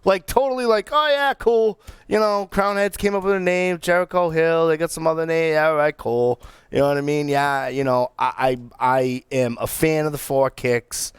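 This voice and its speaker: Rambling, animated male cigar podcast host. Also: fairly high pitch, moderate pace, hardly any pauses, smooth, dry recording. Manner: animated, rambling, lots of restarts. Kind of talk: casual chat.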